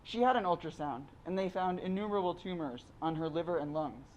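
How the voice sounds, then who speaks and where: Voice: medium pitch, fairly quick, a little mellow, muffled recording, a little hiss or hum, natural voice. A reader voicing a grave, hesitant father. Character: shaken father bringing bad news by phone. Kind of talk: reading aloud from a memoir.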